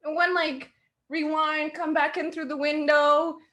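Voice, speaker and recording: A young woman in her twenties chatting casually with a friend, laughing and defending herself in quick interjections. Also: high-pitched, little pitch movement, bright, forceful tone. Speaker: streamer. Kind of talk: casual chat.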